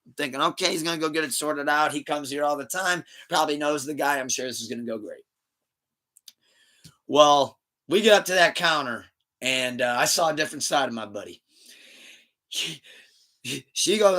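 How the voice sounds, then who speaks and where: A man hosting a podcast, telling a story in a casual, animated way, laughing and switching between loud bursts and muttered asides. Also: on the high side, a little fast. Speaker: podcast host.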